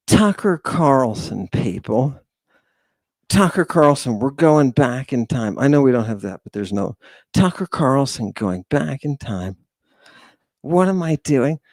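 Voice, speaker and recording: A man's voice: mid-range voice, a little mellow, dry recording. A man hosting a lecture in a theatrical, rambling way. He keeps turning to his audience as "people". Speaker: lecture host.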